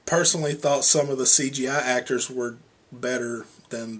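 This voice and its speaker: A man's voice: mid-range voice, flat delivery, moderate pace, slightly rough. A young man giving a casual, rambling movie review, full of "you know" and "um". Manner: rambling, filler-heavy, with many "you know" and "um".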